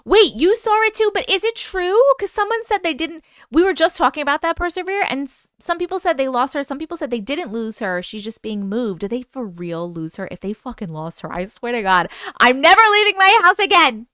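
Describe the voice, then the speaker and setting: A woman's voice: high-pitched, lively intonation, fairly quick, hardly any pauses, clean tone, no echo, studio quality. A woman hosting a casual livestream, chatting loosely, swearing freely and greeting and thanking viewers by name. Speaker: livestream host.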